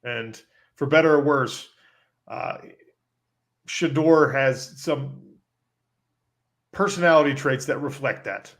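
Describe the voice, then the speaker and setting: A man co-hosting a podcast, telling a story in a casual, animated way and leaning on "like" as he talks. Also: medium pitch, slow pace, pauses often. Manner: animated storyteller, heavy use of "like". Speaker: podcast co-host.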